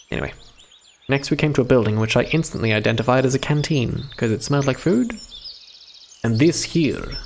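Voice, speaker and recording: A man's voice: medium pitch, lively intonation, brisk, creaky, slight background noise. A young man live-streaming a visual novel, reading the text aloud and breaking off into chatty, profane commentary.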